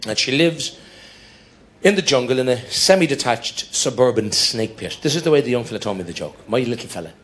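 A middle-aged Irish man telling a long joke on stage, laughing as he goes, in an animated storytelling manner. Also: medium pitch, fairly quick. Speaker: comedian. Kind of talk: storytelling stand-up.

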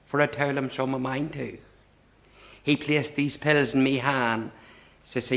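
A man's voice: mid-range voice, fairly even intonation, a little slow, long pauses, a bit bright. A man reciting a comic poem in a lilting storytelling way, chuckling through the lines. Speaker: performer reciting comic verse.

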